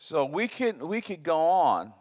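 A man's voice: fairly high pitch, very animated, unhurried, darkish tone. A man preaching a sermon, emphatic and prone to repeating himself as he searches for words. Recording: long reverb of a large hall.

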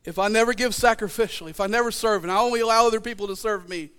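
A man preaching a sermon in church, building to shouted fervor. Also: high-pitched, racing, clear, resonant tone. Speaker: pastor.

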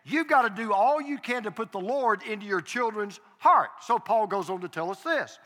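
A man's voice: sits high, expressive, moderate pace, sharp tone. Earnest older man preaching in a reverberant hall. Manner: earnest, confessional storytelling with emphatic repetition. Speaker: pastor. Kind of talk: sermon. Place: church sanctuary.

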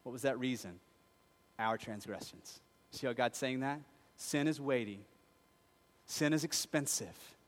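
A male pastor preaching a sermon in a conversational tone, dropping quiet and then rising to emphatic peaks. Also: medium pitch, a little slow, big-room sound.

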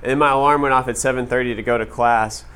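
A man telling a story to an audience in a casual, animated way, full of "like" fillers. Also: medium pitch, quick pace, clear, resonant tone. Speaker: speaker addressing an audience. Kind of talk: storytelling talk to a live audience.

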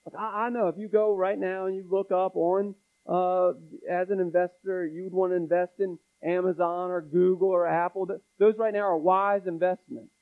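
A man preaching a sermon, pressing the congregation with pleading rhetorical questions. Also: high voice. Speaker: pastor. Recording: tinny phone-like sound.

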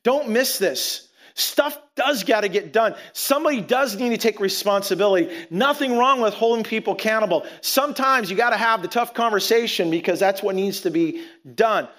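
Animated, high-voiced man preaching. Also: normal speed, hardly any pauses. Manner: animated, conversational, acts out quotes. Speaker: pastor. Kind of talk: sermon.

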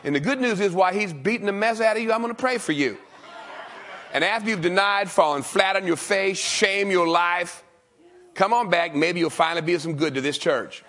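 A man's voice: high-pitched, normal speed, sharp tone, voice pushed up. A man voicing a fatherly, patient Jesus, talking in a folksy, firm way. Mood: teasing.

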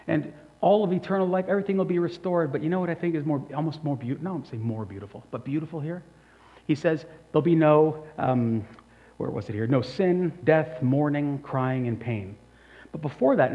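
Young male pastor, fairly high voice, chatty lively sermon delivery, muffled lo-fi recording. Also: big-room sound. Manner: conversational, animated preaching with asides and self-corrections. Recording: dull lo-fi sound.

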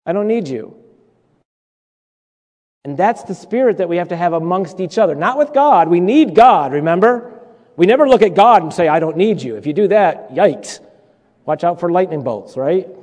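A man's voice: sits high, animated, moderate pace, darkish tone. A man delivers a sermon in a church. His voice carries a long reverb through the hall. He preaches conversationally, with humor, repetition and asides to the congregation. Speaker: pastor. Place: church sanctuary.

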